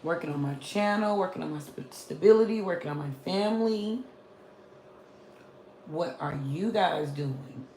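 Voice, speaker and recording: A hoarse woman chatting casually with viewers on a home live stream from a small room, greeting them in many languages. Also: on the low side, a little slow, dark tone, slight background noise. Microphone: phone camera. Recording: roomy home recording.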